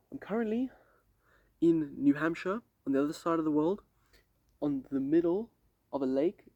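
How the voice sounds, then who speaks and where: A man's voice: mid-range voice, dark tone, no room sound. Young guy, casual vlog update, rambling and slangy, dry close sound. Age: young adult. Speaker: vlogger. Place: outdoors on a lake dock at night. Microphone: camera set up a few steps away.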